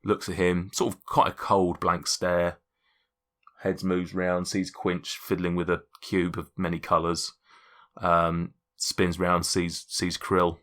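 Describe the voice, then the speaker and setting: A man's voice: low-pitched, level tone, unhurried, fairly bright tone. A man narrating a tabletop game as game master, rambling casually with many restarts.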